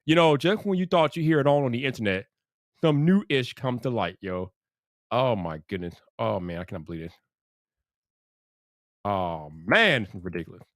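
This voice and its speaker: A man's voice: medium pitch, expressive, moderate pace, pauses often, fairly bright tone, no echo, studio quality. A man hosting a casual livestream, greeting chat viewers by name and sounding exasperated. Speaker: livestream commentary host.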